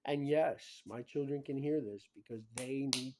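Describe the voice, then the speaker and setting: A man talking in a rambling casual monologue, full of "you know" and "bro", swinging between low mutters and loud emphatic bursts. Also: a little slow, background noise. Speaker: vlogger.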